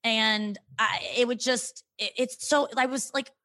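A woman's voice: a little high, steady tone, unhurried, sharp tone, no echo. A woman in her thirties, a comedian guest on a podcast, talking candidly in a frank, profane and self-mocking way.

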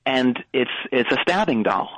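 A man playing a rambling middle-aged baseball coach who talks with confident wrongness, halting and restarting often. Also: medium pitch, animated, a bit bright, dry recording, rough recording. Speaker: minor league coach. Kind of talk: comedy call-in bit.

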